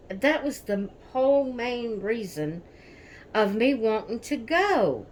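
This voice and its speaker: Slow-talking rambling woman vlogger. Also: medium pitch. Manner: rambling, repeats herself, talks to viewers as guys. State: shaken, near tears. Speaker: doll collector vlogger. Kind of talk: casual chat to camera.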